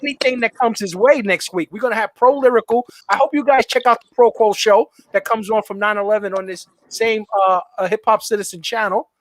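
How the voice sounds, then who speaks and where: High-voiced New York man hosting. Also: a little fast, few pauses, dry recording. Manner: teasing, stammering restarts. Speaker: livestream show host. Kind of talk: casual call-in chat.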